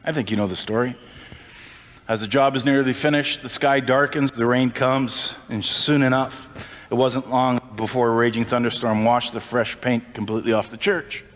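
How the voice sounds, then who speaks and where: A man preaching a sermon as pastor, impassioned and climbing in pitch when he stresses a point. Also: fairly even intonation, normal speed, a bit bright, long reverb tail. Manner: impassioned, rising pitch on emphasis.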